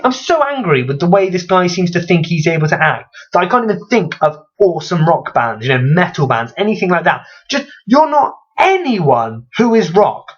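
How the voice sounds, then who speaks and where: A young man ranting in a vlog, exasperated and sweary, rambling with frequent restarts. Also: a little high. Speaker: vlogger. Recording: slightly dull lo-fi recording.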